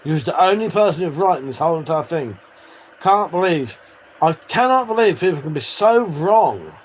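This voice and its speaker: A British man talking to his live-stream chat in a loose, teasing way, swearing freely. His voice sits a bit high for a man and jumps around a lot as he banters. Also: very animated, brisk, slight background noise. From United Kingdom.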